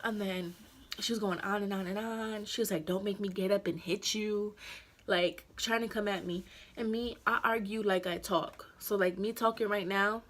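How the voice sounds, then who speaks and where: A woman's voice: mid-range voice, moderate pace. Chatty young woman telling a storytime. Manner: chatty, animated retelling with lots of "like" and slang. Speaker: vlogger. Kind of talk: casual storytime vlog.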